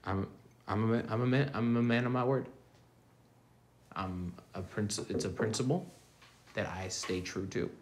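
A man's voice: on the low side, moderate pace, long pauses, lightly acted. An actor playing a husband who talks sheepishly, stumbling and restarting his words. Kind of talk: naturalistic short film acting.

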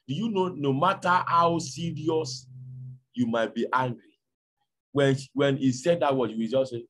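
A man's voice: fairly high pitch, moderate pace. A man with a Nigerian accent preaching a sermon, telling stories and acting out conversations. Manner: storytelling, animated, acts out dialogue. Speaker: pastor.

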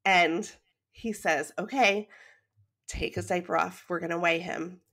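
A woman in her thirties from the United States, a podcast guest telling a personal story in an animated, emotional way and laughing often. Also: on the low side, unhurried. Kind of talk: conversational storytelling.

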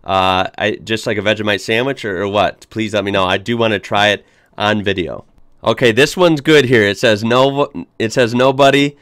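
A man's voice: on the low side, normal speed, a bit bright, clean tone, dry recording, clean studio sound. A young American man hosting a reaction video, chatting casually and upbeat with frequent fillers and restarts. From United States.

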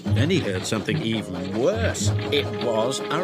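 Male storybook narrator, slow and expressive, loud music under. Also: fairly low pitch.

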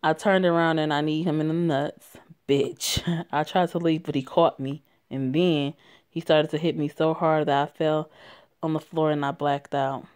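A woman's voice: low-pitched, fairly even intonation, normal speed, a little mellow, smooth. A young woman casually reading a written story aloud, stumbling and correcting herself, swearing and laughing as she goes. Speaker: story reader.

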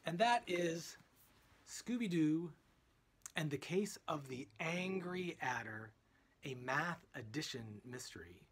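Expressive male storybook reader, unhurried with a breathy edge. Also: fairly high pitch. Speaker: children's book reader. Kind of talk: reading a picture book aloud.

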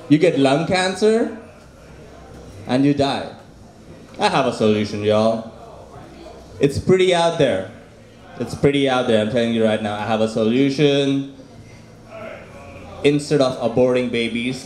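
A man doing a stand-up set at an open mic, speaking at a middle pitch into a handheld stage mic. He repeats his punchlines with crude, deadpan humor. The room gives his voice a clear echo. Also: a little slow, pauses often. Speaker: stand-up comic. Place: small open mic venue. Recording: echoey room.

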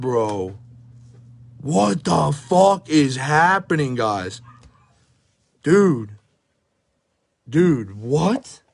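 A man's voice: on the high side, big pitch swings, drawn-out words, creaky, pauses often, husky, no echo. A young man giving hyped, swearing commentary while opening trading card packs, rattling off player names and sounding out of breath. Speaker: card breaker. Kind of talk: live pack-opening commentary.

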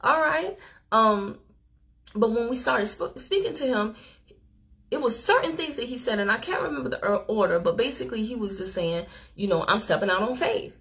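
A woman hosting a live stream, chatting straight to her viewers as she tells a story in an animated, casual way. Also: a little high, moderate pace. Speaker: livestream host. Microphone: phone or webcam on a live stream.

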